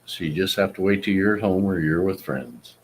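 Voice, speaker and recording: A man's voice: deep voice, fairly quick, a little hiss or hum. A laid-back man chatting casually with friends on a livestream, laughing often. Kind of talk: casual group chat on a livestream.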